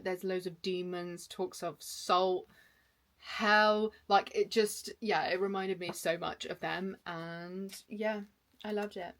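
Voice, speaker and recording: A young woman, a full-time content creator, chatting casually and enthusiastically about the books she read. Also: mid-range voice. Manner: chatty and enthusiastic, with quick asides. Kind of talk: casual book wrap-up chat.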